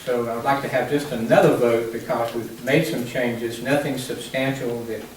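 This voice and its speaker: A man walks a board through pending business deals in a measured, explanatory way. His voice comes from a distance in a large, very echoey meeting room with a faint hiss underneath. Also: medium pitch, steady tone. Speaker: development staff presenting prospects. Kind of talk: formal meeting report. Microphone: distant room mic.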